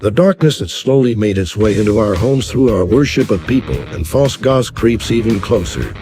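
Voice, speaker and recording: A man's voice: on the low side, expressive, moderate pace, mellow. A man giving a dramatic scripted show introduction in a grave, ominous manner. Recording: music playing behind.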